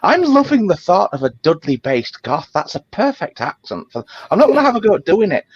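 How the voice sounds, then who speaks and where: A comedian panelist making quick comic asides, running off on tangents and cutting the tangents short. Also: mid-range voice, big pitch swings, husky, no room sound. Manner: rapid tangents, cuts himself off. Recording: dull, dry sound.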